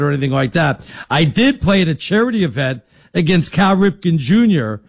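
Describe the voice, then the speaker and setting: A middle-aged man co-hosting sports talk, telling stories in a loud, lively, boisterous way. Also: on the high side, a little fast. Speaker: sports radio co-host. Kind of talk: casual sports talk banter.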